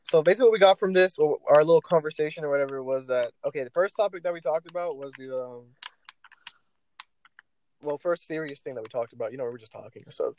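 A young man co-hosting a casual podcast, ranting with loud and soft swings. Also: a little high, fast talker, low-quality recording. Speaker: podcast co-host.

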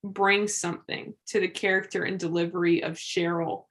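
A young woman co-hosting a casual chat about a TV show, musing out loud with lots of fillers and frequent laughs. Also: lowish voice, normal speed. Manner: animated, musing, laughs often. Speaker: podcast co-host.

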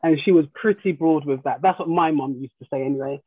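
Her voice is deep and brisk with a breathy edge, heard without echo over a tinny phone-style connection. She's a middle-aged grandmother and life coach on a relaxed podcast, recounting family tales, laughing easily and doing her relatives' voices.

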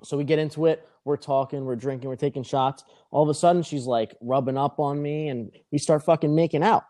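A man's voice: fairly high pitch, brisk. A young man telling a rambling, profane story in casual podcast chat, acting out the other people's lines. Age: young adult. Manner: rambling, profane, animated retelling.

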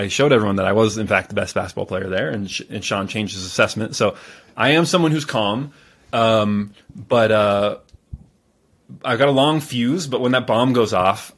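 Calm, low-voiced man telling stories. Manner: calm, measured, many fillers and restarts. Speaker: podcast guest and producer. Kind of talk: casual interview storytelling.

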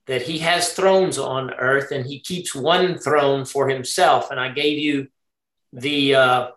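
A man at a middle pitch teaching a Torah study class, thinking out loud as he goes. He keeps turning to his listeners with questions and checks like "right?". His voice carries a clear echo from the room around him. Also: fairly even intonation, slow. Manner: thinking aloud, quizzing the group. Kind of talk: interactive Torah study lesson.

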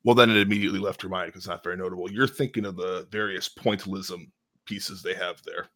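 A man in a casual chat, informed and wry, making deadpan jokes. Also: low voice, fast, no echo, clean studio sound.

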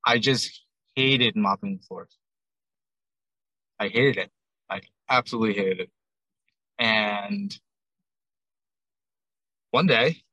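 Guy telling a long story, bright voice, dry close sound, lots of "i'm like". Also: medium pitch, no room sound, rough recording. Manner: chatty, animated retelling with many "I'm like" quotes. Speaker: ramen shop owner, guest. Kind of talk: casual interview storytelling.

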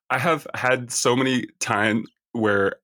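A man's voice: medium pitch, slow pace, pushed and bright. A man co-hosting a podcast, chatting casually and hesitantly with frequent ums. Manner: easygoing, hesitant with ums and restarts. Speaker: podcast co-host. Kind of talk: casual chat.

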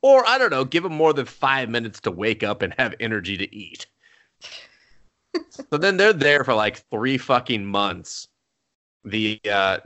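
A man talks through a recap in loose, profane chat, laughing as he goes. His voice is bright and keen, and his pitch swings widely. He sounds like he is on a remote call. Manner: animated, profane, laughs often. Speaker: podcast co-host. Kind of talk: casual chat recapping anime.

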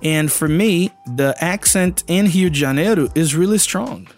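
A man in his thirties from Brazil with a Brazilian Portuguese accent, a native Portuguese speaker giving a casual, animated English pronunciation lesson and often asking the listener questions. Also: a little high, normal speed, faint music behind. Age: 30s. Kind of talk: casual spoken lesson to camera.

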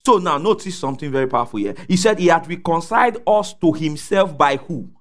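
High, lively man preaching. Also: brisk. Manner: call-and-response preaching, asks congregation to fill in words; rises to shouts at peaks. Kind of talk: sermon.

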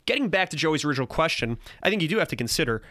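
A man co-hosting a sports podcast with a bright, forceful voice, rambling through his points with plenty of fillers and restarts. The sound is close and dry, with no room echo. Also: fairly high pitch, big pitch swings, rapid-fire. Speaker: podcast co-host. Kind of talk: casual sports chat.

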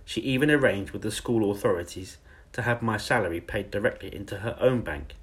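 A man narrating a children's storybook in a measured, calm way. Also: on the low side, husky. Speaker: audiobook narrator.

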